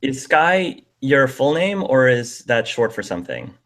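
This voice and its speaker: A man's voice: medium pitch, expressive, measured pace, a bit bright. A man hosting a casual online video panel, talking in a friendly way with plenty of "um"s. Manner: friendly, with frequent fillers. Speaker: host.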